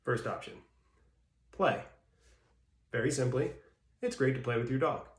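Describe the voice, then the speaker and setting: A man's voice: mid-range voice, unhurried. A man gives a dog-training lesson, walking through ideas in a plain, explanatory way. His voice sits in the middle of the male range. The recording has a noticeable roomy echo around it. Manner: plain explanatory, acts out baby-talk praise in bursts. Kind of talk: instructional talk.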